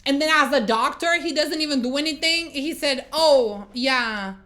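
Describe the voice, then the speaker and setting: A woman's voice: high voice, a little fast. A woman giving a casual movie review, exasperated and swearing as she retells scenes. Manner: exasperated, swearing, animated storytelling.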